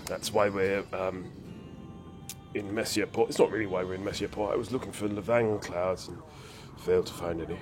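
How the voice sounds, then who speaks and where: A man's voice: deep voice, fairly even intonation, moderate pace. A man chatting through a game stream, rambling and whimsical, a bit ill and hyper. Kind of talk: casual live-stream commentary. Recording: faint game music behind.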